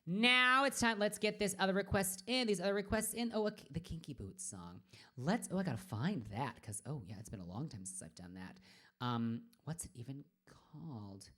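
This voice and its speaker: A woman's voice: sits low, lively intonation, moderate pace, sharp tone. A woman in her forties chatting casually on a live stream as a drag performer, rambling and trailing off into murmurs and whispers. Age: 40s.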